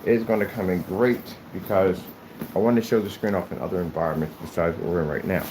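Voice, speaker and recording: A man with a somewhat low voice chats loosely about his company's products, wandering off track and circling back with fillers. The recording carries a clear layer of background noise. It sounds like an informal vlog made indoors at his office. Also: fairly even intonation, fast talker. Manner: rambling, with many fillers and restarts. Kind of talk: casual vlog talk. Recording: noisy room recording.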